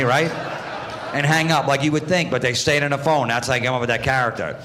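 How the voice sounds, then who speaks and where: A man who works as a stand-up comedian, telling a lively anecdote with laughs mixed in. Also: mid-range voice, quick pace. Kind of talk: interview anecdote.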